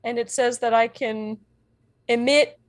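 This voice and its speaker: A woman playing a tabletop game, talking excitably in quick bursts with restarts. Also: a little high, no echo. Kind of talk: casual tabletop game chat.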